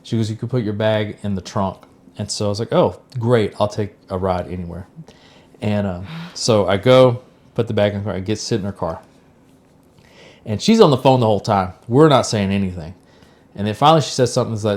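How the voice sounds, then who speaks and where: Speaking a little fast in a fairly low voice, this middle-aged podcast co-host shares a personal story in a relaxed way. He animates it by acting out what the people in it said.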